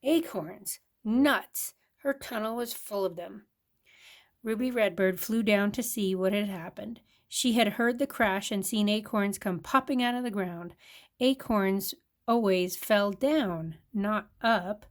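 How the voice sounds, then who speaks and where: Older woman, grandmother, reading picture book aloud, expressive, mid-pitched. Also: measured pace. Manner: expressive, lively storytelling. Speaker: storybook reader.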